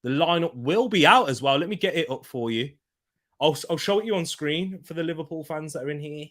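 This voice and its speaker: During a live football watchalong, the young male host keeps the casual stream chat going with banter, frequent laughter and chat comments read aloud. His voice is a little high, animated and fairly quick, with a fairly bright tone.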